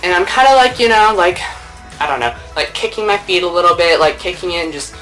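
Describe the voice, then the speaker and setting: A young woman vlogger speaks fairly quickly to camera from home, faint music behind her, telling a casual storytime tale. She's playful and animated, chatty with lots of fillers and cursing, and acts out what people said with large pitch jumps.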